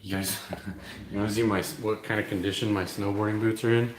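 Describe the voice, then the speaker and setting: A man's voice: on the low side, flat delivery, brisk, echoey room, slight background noise. A young man rambling casually to his viewers, swearing freely as he chats about his day. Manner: rambling, profane, chatty. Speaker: vlogger.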